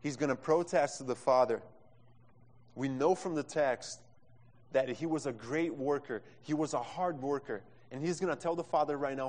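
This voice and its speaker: A man of middling pitch preaches, his words rolling with passion and a learner's phrasing. He speaks into a microphone, and a long hall reverb trails behind every line. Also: normal speed, darkish tone. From Brazil. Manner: impassioned preaching, non-native phrasing, acts out quotes. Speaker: pastor. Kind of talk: sermon.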